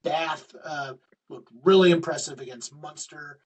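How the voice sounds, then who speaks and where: Husky man previewing rugby matches. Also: fairly high pitch, unhurried, recorded from a distance, poor audio. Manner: loose, filler-heavy match previews. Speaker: podcast co-host. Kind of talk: casual sports chat.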